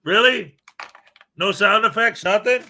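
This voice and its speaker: Brief: rambling live-stream host, a man with a high, bright voice. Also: unhurried. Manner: rambling, self-deprecating, chatty. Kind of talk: casual morning live-stream chat.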